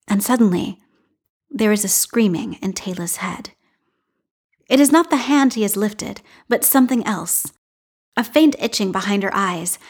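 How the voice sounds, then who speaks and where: A woman reading a fan story aloud in a measured, expressive narration. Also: medium pitch. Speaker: podfic reader.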